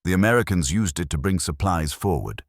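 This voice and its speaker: A man's voice: low voice, expressive, brisk, no room sound, clean studio sound. A man doing a cold stern colonel. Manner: cold, clipped, threatening.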